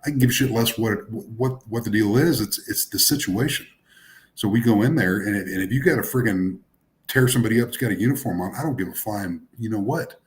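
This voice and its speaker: Man, co-host, low voice, ranting, profane, apologizes for his soapbox. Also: brisk. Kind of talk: casual livestream chat.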